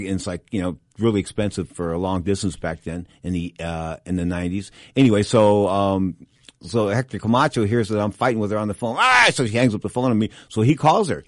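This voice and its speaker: A middle-aged man with a lowish voice, hosting a boxing talk show. He tells anecdotes in a rambling, restart-filled way, and his pitch leaps up when he stresses a point. The sound is close and dry, with no room in it. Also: no echo. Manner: rambling, with frequent restarts and asides; animated, jumping up in pitch for emphasis. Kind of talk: casual anecdotal storytelling.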